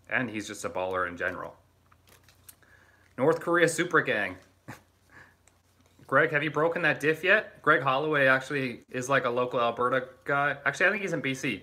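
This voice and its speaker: A man's voice: mid-range voice, bright, forceful tone. A young man from Canada hosting a casual livestream, reading out viewer comments in a loose, joking way with plenty of swearing and laughter.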